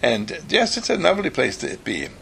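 A man voicing a gentle, motherly female polar bear who speaks calmly and kindly in a bedtime story. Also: medium pitch, moderate pace, gravelly, a little hiss or hum, voice pushed up, exaggerated voice. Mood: content. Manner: calm, kindly.

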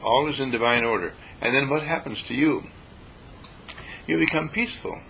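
A man with a bright, gravelly voice teaches meditation in a folksy, repeating style. He sometimes acts out a panicked worrier before calming down again. A faint hiss and low rumble sit under the recording. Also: moderate pace, poor audio. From California. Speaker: dean and spiritual teacher. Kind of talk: spoken meditation lesson.

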